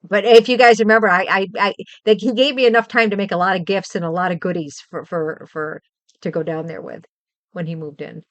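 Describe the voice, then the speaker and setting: A woman's voice: mid-range voice, steady tone, fairly quick, no room sound, muffled recording. Heartfelt rambling middle-aged woman streamer. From Western New York. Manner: heartfelt, rambling, repeats herself. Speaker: livestream host. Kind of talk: casual chat with stream viewers.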